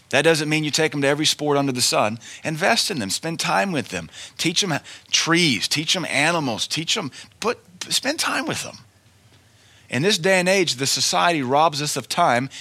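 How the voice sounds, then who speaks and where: A man's voice: mid-range voice, bright, forceful tone. A man preaching a sermon in an emphatic, folksy way, repeating his key lines and telling stories.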